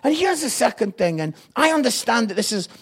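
A Scottish man preaching an evangelistic sermon, energetic and jokey with loud outbursts. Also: extremely high pitch, a little fast, husky. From Scotland.

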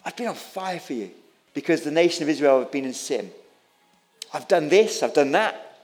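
Brief: male preacher doing a weary prophet, low, self-pitying, plain delivery. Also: lively intonation, moderate pace, darkish tone, soft background music, close to an everyday voice. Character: weary, frightened old prophet Elijah, male.

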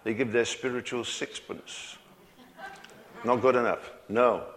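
A man's voice: mid-range voice, steady tone, measured pace. A man preaching a sermon in a folksy way, chuckling often and asking the congregation questions. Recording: long hall reverb.

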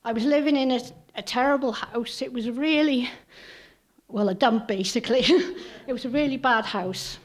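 A woman's voice: on the high side, moderate pace. Welsh woman giving a hesitant testimony. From Wales. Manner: hesitant, with many fillers and restarts. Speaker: church member giving testimony. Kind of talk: unscripted spoken testimony. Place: church service.

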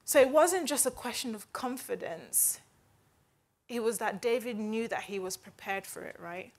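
A woman's voice: on the high side, expressive, normal speed. A woman giving a conversational Bible teaching in an earnest, chatty way, often checking in with "right?". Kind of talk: conversational devotional talk.

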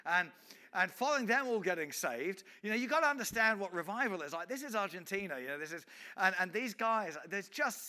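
A man's voice: sits high, very animated, a little fast, pushed and bright. A man, an evangelist telling a story in a sermon, acting out scenes with frequent restarts. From England.

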